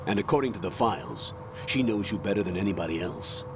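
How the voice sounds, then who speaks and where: A man voicing a stern older military colonel, giving measured, authoritative mission briefings in a video game. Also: lowish voice, over a noisy crowd, close to an everyday voice. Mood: calm, commanding. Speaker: mission commander on radio. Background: game music.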